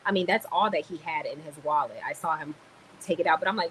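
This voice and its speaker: A woman's voice: sits low, brisk, fairly bright tone, a little hiss or hum, low-quality recording. A woman venting on a livestream, annoyed and swearing as she tells a story. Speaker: livestream host. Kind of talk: ranting livestream chat.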